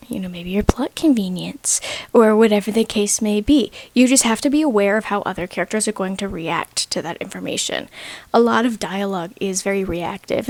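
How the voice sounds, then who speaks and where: A young woman giving a loose, chatty rant-lecture on writing, rambling with lots of asides and now and then dropping to a soft half-whisper. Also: mid-range voice, no echo. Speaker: writing video creator.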